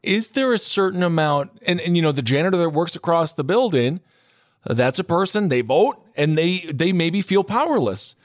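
A man with a higher voice hosts a casual podcast. His pitch swings widely as he banters and asks questions. He talks in an animated, playful way. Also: moderate pace. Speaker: podcast host.

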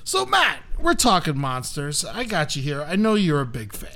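Lively-voiced male podcast host. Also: a little high, moderate pace. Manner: jokey, swears freely, laughs often. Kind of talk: casual comedy podcast chat.

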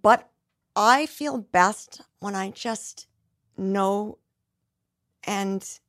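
A middle-aged woman talks earnestly as a guest on a podcast, sounding reflective and circling back to restart her sentences. Her voice sits at a middling pitch. The sound is dry and close to the mic. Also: very slow, fairly bright tone, no room sound. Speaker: guest, singer. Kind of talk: candid conversational interview.

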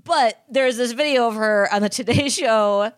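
A woman's voice: a little high, moderate pace, dry recording. A woman co-hosting a casual gossip podcast, telling rambling, digressive stories. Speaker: podcast co-host.

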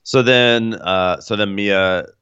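A man co-hosting a podcast, recapping a reality show in a wry, animated, comedic way. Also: on the low side, slow pace, clear, resonant tone, dry recording, dull audio. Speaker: podcast co-host.

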